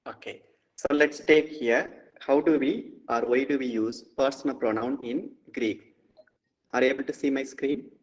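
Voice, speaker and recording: A man, a priest teaching Greek, giving an online lecture and explaining slowly and patiently with repeated examples. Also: mid-range voice, fairly even intonation, long reverb tail, rough recording.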